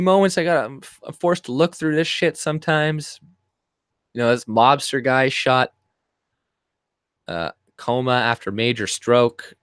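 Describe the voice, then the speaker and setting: A man's voice: medium pitch, a bit bright, smooth, no room sound. A man from Canada giving a rambling, profane and scornful commentary while scrolling through posts. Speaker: commentary vlogger. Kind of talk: ranting screen-share commentary.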